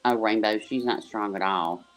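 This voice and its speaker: A woman's voice: a bass voice, normal speed, faint music behind. A woman joining a livestream panel as a guest, talking in a loose, rambling way with lots of filler words. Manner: rambling, full of "you know" fillers. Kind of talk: casual livestream chat.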